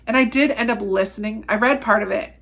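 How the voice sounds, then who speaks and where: A woman's voice: a little high, fairly quick, a bit bright. A woman talking casually about books she has read, candid and chatty, laughing often and trailing off mid-thought. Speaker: book reviewer. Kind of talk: casual book review vlog.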